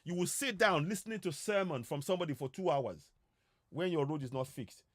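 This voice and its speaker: A man's voice: fairly high pitch, animated, brisk, no echo, studio quality. A man giving an impassioned broadcast address, urging listeners with repeated calls to act. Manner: urgent, repetitive, exhorting. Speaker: political commentator.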